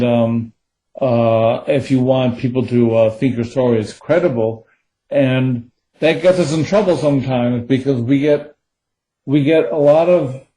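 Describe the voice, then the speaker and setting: Man, mellow tone, rambling, lots of ums, author in an interview. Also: mid-range voice, poor audio. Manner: rambling, many fillers and restarts. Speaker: thriller co-author. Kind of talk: interview answers.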